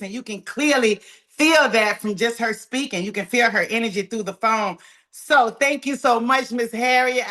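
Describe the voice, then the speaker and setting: A woman with a bright, fairly high voice hosts a training call. She cheers each speaker on with a lot of energy and hype. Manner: enthusiastic, hypes up speakers, repeats "wow". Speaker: call host.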